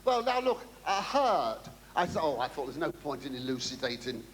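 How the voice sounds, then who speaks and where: A British man delivers a camp, meandering stand-up routine with cheeky asides. His slightly high voice swoops up and down all the time. Loud ambient noise runs under this live recording. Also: sing-song, normal speed. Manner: camp, rambling and theatrical, with cheeky asides to the audience. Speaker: comedian entertaining navy crew. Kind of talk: stand-up monologue. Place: aboard a navy ship, before a live audience.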